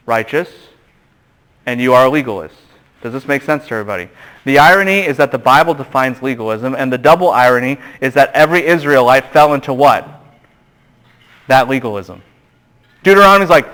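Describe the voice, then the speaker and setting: A man lecturing to a class with a somewhat high voice. He talks in an animated, emphatic way and keeps quizzing the room with fill-in-the-blank questions. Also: fairly quick, rough recording. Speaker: seminary lecturer.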